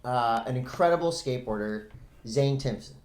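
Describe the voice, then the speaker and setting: A middle-aged man with a darkish, mid-range voice speaks at a moderate pace while co-hosting a casual podcast. He rambles loosely and laughs frequently. Echo from the room is audible in the recording.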